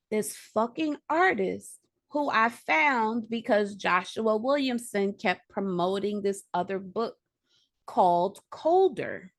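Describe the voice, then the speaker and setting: A woman's voice: medium pitch, lively intonation, slow pace. A woman comic book writer telling rambling, profane stories on a video call, restarting often and acting out quotes. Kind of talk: excited casual storytelling.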